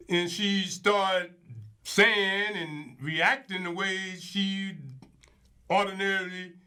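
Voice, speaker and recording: A man's voice: high-pitched, pushed and bright. A man giving opinionated casual commentary as show host, emphatic and colloquial, repeating words for stress.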